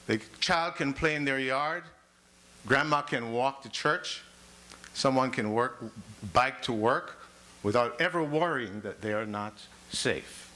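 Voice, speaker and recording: Bright-voiced man giving a rousing campaign speech. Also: mid-range voice. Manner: rousing, repeating phrases with rising emphasis. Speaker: mayoral candidate. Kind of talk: debate opening statement. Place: public forum hall.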